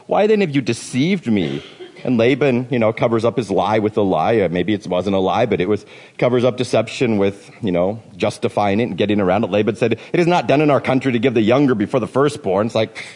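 A pastor with a fairly low, darkish voice preaches a sermon casually and jokingly, sometimes slipping into playful voices. The recording has long hall reverb.

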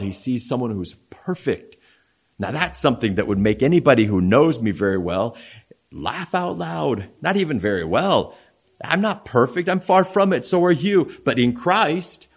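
A man preaching a sermon. He reads scripture aloud, then explains it in plain words, often restarting and repeating himself for emphasis. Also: medium pitch. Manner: frequent restarts and stammered repeats.

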